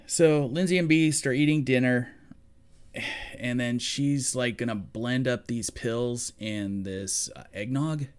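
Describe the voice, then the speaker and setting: A man's voice: medium pitch, takes it slowly, clear, resonant tone. A man co-hosting a podcast, casually recapping a film plot and acting out quoted lines. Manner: animated retelling, acts out quoted lines. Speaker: podcast co-host. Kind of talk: casual movie recap chat.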